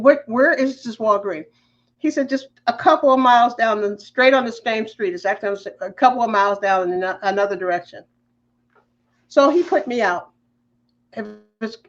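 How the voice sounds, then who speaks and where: Woman guest, emotional storyteller with a testimony feel, mid pitch, slightly muffled sound. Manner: animated, emotional, faith-filled storytelling. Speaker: podcast guest.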